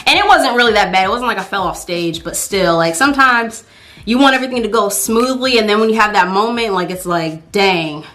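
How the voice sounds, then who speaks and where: A woman's voice: medium pitch, lively intonation, brisk, a bit bright. A young woman telling a casual storytime on her vlog, chatty and full of fillers. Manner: chatty, lots of fillers, acts out her own thoughts. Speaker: vlogger.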